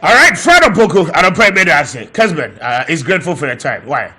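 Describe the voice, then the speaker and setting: Bright-voiced radio interviewer. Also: male voice, fairly high pitch, big pitch swings, quick pace, husky. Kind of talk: interview sign-off.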